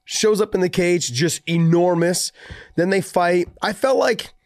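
A man's voice: sits high, steady tone, measured pace, dry recording, clean studio sound. A man co-hosting a podcast, talking bluntly and cursing freely in casual chat. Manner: blunt, profane, lots of "yeah" backchannel. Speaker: podcast co-host, fighter.

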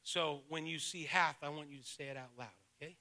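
A male pastor preaching a sermon to a live congregation. He moves from soft-spoken teaching to shouted, fervent preaching and calls on the listeners to answer aloud. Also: fairly high pitch, fairly even intonation, fairly quick. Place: church sanctuary with a live congregation.

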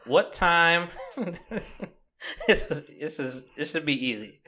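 Very deep-voiced woman, teasing podcast host. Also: animated, slow pace, long pauses, bright, forceful tone. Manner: laughs often, teasing. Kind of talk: casual chat.

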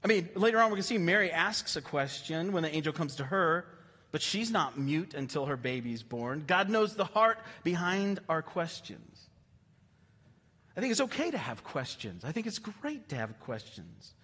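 Male pastor, sermon, high voice, emphatic and animated, long hall reverb. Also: normal speed, husky. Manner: animated, emphatic, repeats words. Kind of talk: sermon, reading and explaining scripture.

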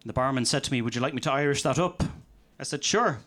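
A man performing a live stand-up set of deadpan one-liners in a comedy venue. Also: mid-range voice, quick pace.

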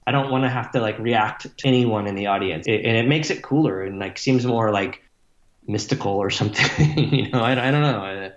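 A man's voice: lowish voice, brisk. A man answers interview questions in a loose, wandering way, swearing freely and leaning on fillers. His voice carries a roomy echo, and the sound is slightly dull. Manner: rambling, profane, many fillers like "like" and "you know". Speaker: musician guest. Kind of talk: casual interview talk.

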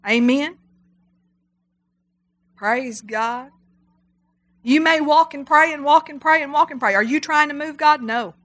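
A middle-aged woman preaching a sermon, animated and emphatic, repeating her exhortations. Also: high-pitched, a little slow, pauses often.

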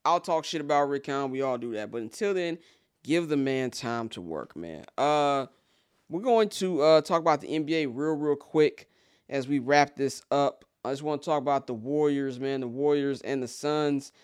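A man's voice: medium pitch, moderate pace, smooth. A man from Chicago giving a casual, blunt and profane sports rant as a commentator, opinionated throughout.

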